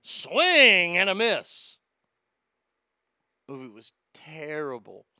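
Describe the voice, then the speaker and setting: A man hosts a talk podcast with a bright, forceful voice that is smooth and resonant. He reads listener comments and rants bluntly with plenty of swearing, jumping from loud outbursts to low muttering. The sound is dry and close. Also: very animated, drawn-out words, no room sound. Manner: blunt, profane ranting. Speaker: podcast host. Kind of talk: casual chat reading listener comments.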